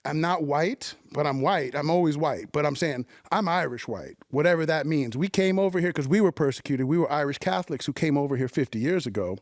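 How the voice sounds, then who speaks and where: A man in his fifties from New York, telling stories as a guest in a casual interview, animated and emphatic, with frequent swearing and restarts. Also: fairly high pitch, fairly quick, hardly any pauses, no echo, studio quality.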